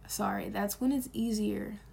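A woman's voice: mid-range voice, steady tone, measured pace, creaky, mellow, slight background noise. A young woman giving an earnest, rambling, heartfelt self-help monologue.

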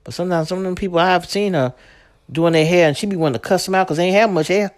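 A woman's voice: on the low side, fast talker. A middle-aged woman from Brooklyn, telling family stories in casual, frank talk and swearing freely. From Brooklyn, New York. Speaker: mother being interviewed. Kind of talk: casual storytelling.

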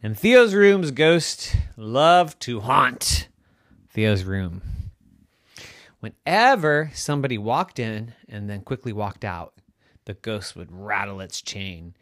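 Bedtime storyteller, slow and playful, voice bounces around, dry close sound. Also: medium pitch, no room sound. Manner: playful, lively, improvised.

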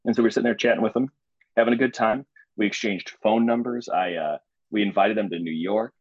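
A young man from Illinois talks as a podcast guest, husky and a little low. He tells his story with animation, in casual chat. The recording is slightly muffled and dry. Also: a little fast, dry recording. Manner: animated, acts out quoted voices.

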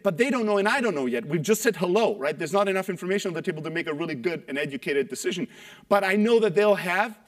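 A man giving an energetic talk on sales calls to an audience, acting out quoted voices and tagging points with "right?". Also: high voice. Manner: animated, acts out quoted voices, rhetorical "right?". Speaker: sales coach speaker.

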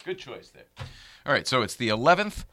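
A man's voice: medium pitch, very animated, fairly quick, pushed and bright. A man hosting a casual live-stream chat, rambling and laughing, with many fillers and restarts. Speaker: show host.

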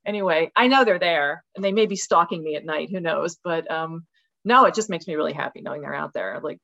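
An older woman speaks in a somewhat low voice, telling stories with passion and putting on voices when she quotes people. The sound is a little dull and lo-fi, like a video call. It is a relaxed, conversational interview. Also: a little fast, vocal fry. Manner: passionate, animated storytelling with dramatic acted-out quotes. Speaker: podcast guest. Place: rural home with dogs.

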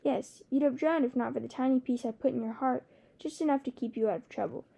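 A woman's voice: sits high, fast talker, gravelly, dark tone, slightly rough, muffled recording, heavily acted. A woman reading the part of a proud, wry young male dragon in an audiobook, teasing and a little haughty. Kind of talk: audiobook character voice.

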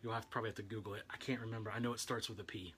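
A man's voice: on the low side, fairly even intonation, rapid-fire, fairly bright tone. A man giving a casual, conversational sermon, retelling a Bible story with loose restarts. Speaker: preacher.

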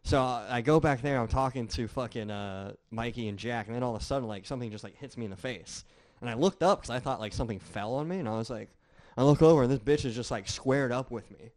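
A man's voice: mid-range voice, fast talker, a little mellow. A young man guesting on a podcast, telling stories animatedly, acting out quotes and laughing a lot. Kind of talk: casual podcast storytelling.

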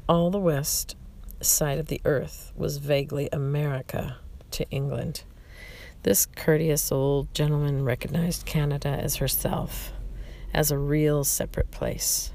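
A narrator reading a memoir aloud in a slow, reflective way, often stumbling and restarting words. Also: medium pitch, level tone, vocal fry, warm tone.

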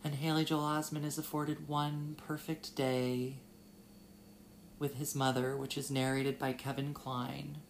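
A young woman hosting a solo casual talk, halting and filler-heavy, and tearful as she talks. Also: low voice, level tone, a little hiss or hum. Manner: halting, with many fillers and restarts. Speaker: podcast host.

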